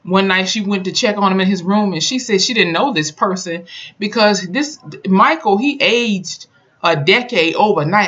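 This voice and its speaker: A YouTuber recapping a horror episode in a casual, profane, animated way, full of sassy asides. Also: mid-range voice, moderate pace, muffled recording. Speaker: TV episode reviewer.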